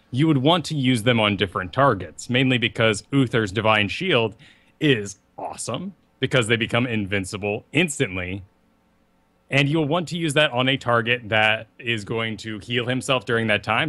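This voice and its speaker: A man co-hosting a gaming podcast in a low voice with a bright, forceful edge. He walks through strategy methodically and tosses in wry little asides. The delivery stays casual and chatty. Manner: breaks topics down step by step, wry asides. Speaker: podcast co-host.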